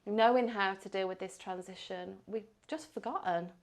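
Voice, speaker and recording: A woman's voice: medium pitch, moderate pace. A middle-aged woman, a podcast guest talking casually and enthusiastically, often asking rhetorical questions. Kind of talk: casual conversation.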